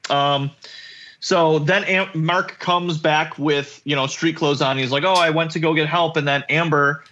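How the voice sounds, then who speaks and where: A man co-hosting a casual podcast recap, animated and quick to swear as he acts out characters' lines. His voice is bright and forceful, sitting a little high. The sound is a bit dull and lo-fi. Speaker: podcast co-host.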